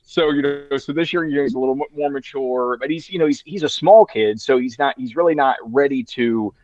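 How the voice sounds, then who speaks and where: A man in his thirties chats his way through a story, looping back on himself and leaning on "you know" at every turn. His voice sits at an ordinary middle pitch. The sound is dry and a bit dull, with no room around it. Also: a little fast, darkish tone, dry recording. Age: 30s. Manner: rambling, heavy use of "you know" fillers and restarts. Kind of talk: casual storytelling chat.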